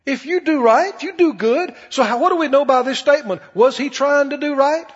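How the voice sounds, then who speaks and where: A man's voice: extremely high pitch, fairly quick. A man preaching a sermon in a folksy, emphatic way, often putting questions to the audience. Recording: dull echoey hall broadcast.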